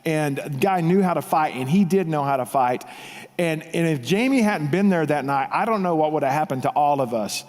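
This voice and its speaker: A man gives an emphatic, animated tribute in a large hall, repeating himself and shouting out quoted lines. His voice sits a bit high for a man. A long reverb trails after every phrase. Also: moderate pace. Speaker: pastor giving a tribute speech. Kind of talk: heartfelt storytelling speech.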